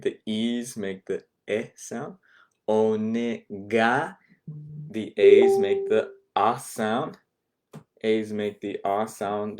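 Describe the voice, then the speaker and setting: Man, language teacher, online class, low pitch, warm tone, patient, repetitive. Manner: patient, repeats words and checks with "okay?".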